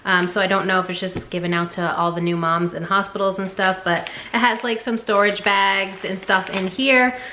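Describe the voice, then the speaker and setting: A woman talks through her thrift haul in a casual, chatty way, with lots of fillers. Her voice is bright and clear, and it rings a little in an echoey room. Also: medium pitch, steady tone, normal speed, hardly any pauses, slight background noise. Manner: chatty, many um fillers, unsure of brand names. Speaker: thrift reseller showing a haul.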